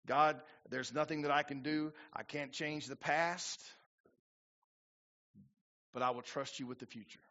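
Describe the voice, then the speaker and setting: Bright-voiced pastor preaching. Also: male voice, mid-range voice, moderate pace. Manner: preaching with rising emphatic bursts and quoted prayers. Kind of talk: sermon. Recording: dull lo-fi church recording.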